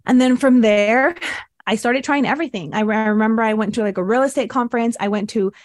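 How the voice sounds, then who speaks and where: A woman's voice: on the high side, fast, dry recording. Earnest woman telling her story, dry sound. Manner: earnest, acts out her own past thoughts in quotes. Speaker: podcast guest, breathwork mentor. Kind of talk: casual interview storytelling.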